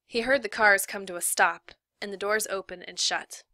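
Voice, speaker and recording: A woman reading a novel aloud in steady, measured narration. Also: mid-range voice, no room sound. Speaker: reader.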